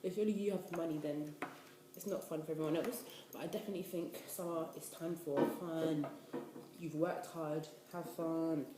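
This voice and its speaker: A woman in her twenties from the UK, a university student giving casual life advice in an animated, chatty way. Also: low voice, normal speed. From United Kingdom. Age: 20s. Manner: chatty, animated, preachy asides. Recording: echoey room, faint noise.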